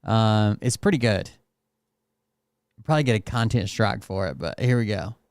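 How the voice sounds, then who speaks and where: A man's voice: lowish voice, normal speed, a little mellow, clear, resonant tone, no echo, studio quality. A man hosting a casual show, talking in a loose, rambling and profane way. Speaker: host. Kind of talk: casual chat.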